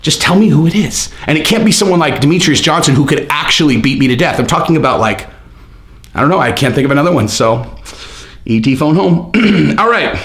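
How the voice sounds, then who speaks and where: A man hosting his own channel reads out comments and makes fun of them, his voice high and brisk. He's animated and sarcastic, rambling casually with lots of fillers, and the sound has a roomy echo.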